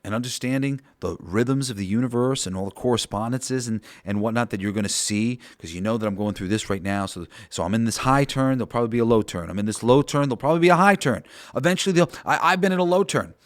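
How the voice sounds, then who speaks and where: A man's voice: mid-range voice, fast talker, hardly any pauses. Rambling, profane male podcast host. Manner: rambling, profane, with many fillers. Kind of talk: casual spoken monologue.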